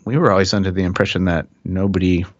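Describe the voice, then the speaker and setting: A middle-aged man, a musician guest, telling stories in a relaxed, chuckling way with many restarts. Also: sits low, fast talker, no room sound. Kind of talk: casual interview chat. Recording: dull dry podcast audio.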